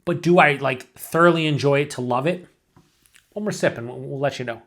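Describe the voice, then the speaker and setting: A man talks through a beer review in a casual, thinking-aloud way, circling back and restarting his sentences. His voice sits a little above the usual pitch for a man. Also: brisk, fairly bright tone.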